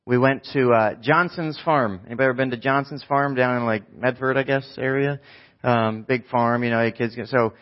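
A man's voice: mid-range voice, lo-fi sound. A man in his thirties, a pastor preaching in a church, telling a story in a casual, rambling, self-mocking way. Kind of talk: preaching a sermon with a personal story.

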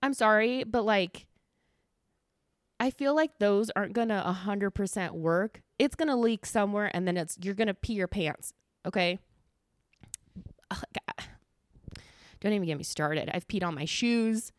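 A woman hosting a casual solo podcast, ranting in an animated, exasperated way with lots of filler words. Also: medium pitch, normal speed, no echo, studio quality. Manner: animated, exasperated, lots of "like", swings loud and soft. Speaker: podcast host.

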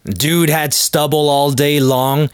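A man's voice: a little high, level tone, slow, clean tone, dry recording, studio quality. A man hosting a podcast, telling a rambling, sardonic comedic story. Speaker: podcast host. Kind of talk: comedic monologue.

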